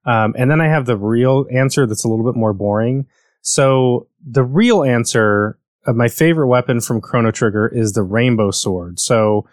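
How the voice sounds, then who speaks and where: A man's voice: medium pitch, dry recording. Rambling, enthusiastic American man, dry sound. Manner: rambling, self-correcting, enthusiastic. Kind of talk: casual chat about video games.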